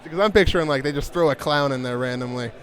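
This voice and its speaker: Upbeat young man, slightly high voice. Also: quick pace, fairly bright tone, rough recording. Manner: joking, upbeat questioning. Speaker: host doing premiere interviews. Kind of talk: casual chat and interviews.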